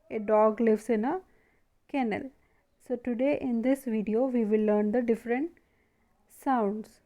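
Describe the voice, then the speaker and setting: A woman's voice: on the high side, dark tone. A woman teaching a primary school lesson, asking questions and answering them herself. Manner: slow, asks and answers her own questions. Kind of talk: classroom lesson video.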